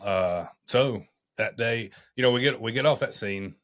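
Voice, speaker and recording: A man, a firefighter guest, tells his story on a podcast, halting often and restarting his sentences. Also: fairly low pitch, a bit bright.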